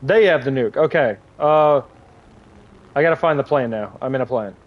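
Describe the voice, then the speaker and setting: A man's voice: medium pitch, moderate pace, highs cut off. A young man telling a rambling, profane story while streaming a game, with lots of fillers. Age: young adult. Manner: rambling storyteller, swears freely, many fillers. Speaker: gaming streamer. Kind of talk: casual live-stream chat while playing.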